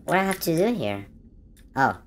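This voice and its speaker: A gaming channel host reacts to a horror game at home in her room, her low-sitting voice swinging widely in pitch at normal speed. She gasps and cries out in jumpy fright, with slight background noise in the recording.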